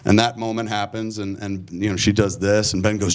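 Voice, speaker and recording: A man's voice: on the low side, fairly quick, few pauses. A man in his forties telling rambling, profane stories on a conference stage. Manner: profane, rambling, animated storyteller. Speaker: filmmaker guest speaker. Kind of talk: storytelling conference talk. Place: conference stage before an audience.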